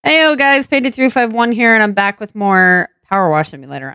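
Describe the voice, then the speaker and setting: A woman's voice: on the high side, sing-song, a little fast, few pauses, a bit bright, smooth, no room sound, clean studio sound. A woman hosting her gaming channel, chatting casually and teasing her co-player while they play. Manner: teasing, upbeat, laughs often. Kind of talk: casual co-op gameplay chat.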